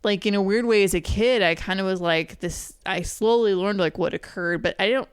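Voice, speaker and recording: A woman's voice: mid-range voice, normal speed, clean tone, dry recording. A woman in her thirties co-hosting a podcast, chatting casually and rambling with many restarts. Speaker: podcast co-host. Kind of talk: casual chat.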